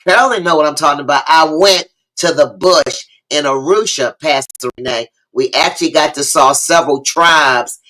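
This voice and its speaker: A woman with hosts a lively livestream talk show. Her voice is bright and forward. She preaches more than she chats, hails viewers by name and says key lines over again. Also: low-pitched, normal speed, few pauses, low-quality recording. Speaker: host of a live online talk show.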